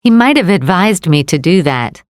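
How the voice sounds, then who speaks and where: A woman reading pronunciation example sentences in a clear, demonstrative way. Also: lowish voice, big pitch swings, moderate pace, no echo, clean studio sound.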